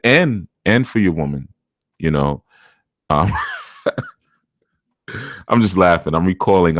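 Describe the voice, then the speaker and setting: A man's voice: low-pitched, no echo, clean studio sound. A middle-aged man, a spiritual teacher, chatting casually on a live stream, reading out viewer comments, laughing often and calling listeners "man".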